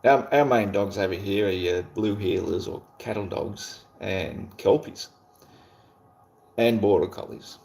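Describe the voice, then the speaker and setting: Aussie streamer, male, laid-back rambler, deep gravelly voice, light swearing. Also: unhurried, darkish tone, a little hiss or hum. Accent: Australian. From Australia. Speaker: livestream host. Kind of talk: casual chat while reading viewer comments.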